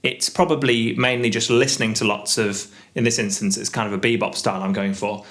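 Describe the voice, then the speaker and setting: A man's voice: lowish voice, steady tone, fairly quick, a bit bright, echoey room. A music teacher thinking aloud as he writes a jazz solo, humming and scatting the rhythms in a casual way. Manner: hums and scats the rhythms, talks casually.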